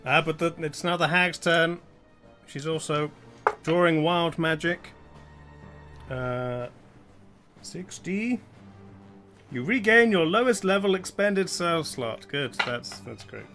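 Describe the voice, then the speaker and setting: A man's voice: a little high, expressive, slow, long pauses, over music. A man acting as game master of a live tabletop game, narrating dice rolls and often chuckling.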